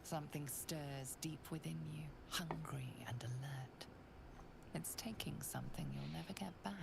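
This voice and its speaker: An actress voicing the hushed, gravelly female narrator of a fantasy game, speaking in scripted narration. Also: sits low, moderate pace. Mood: ominous. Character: low-voiced female storybook game narrator. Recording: game audio with background noise.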